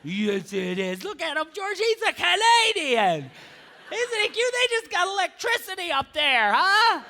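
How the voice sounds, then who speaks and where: A man's voice: extremely high pitch, very animated, unhurried, sharp tone, long reverb tail, voice pushed up, exaggerated voice. A man voicing a condescending American woman who coos and patronizes. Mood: patronizing. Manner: cooing, patronizing.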